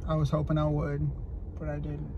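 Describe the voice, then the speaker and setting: A man's voice: on the high side, monotone, moderate pace, lo-fi sound. A man chatting casually about buying a used car, blunt and joking, swearing freely, recorded in and around a car. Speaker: car buyer. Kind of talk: casual chat. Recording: vlog audio with loud traffic noise.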